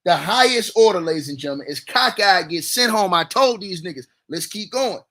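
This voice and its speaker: Hyped high-voiced man trash-talking on stream. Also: lively intonation, brisk. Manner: loud, repetitive, trash-talking. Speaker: livestream sports commentator. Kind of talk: hyped livestream sports talk.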